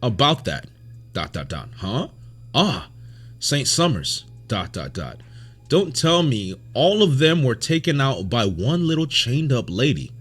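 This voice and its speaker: A man reading aloud the lines of a haughty, aloof noble from a comic, low and drawn out. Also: big pitch swings, a little slow, fairly bright tone, slightly rough, heavily acted. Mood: smug.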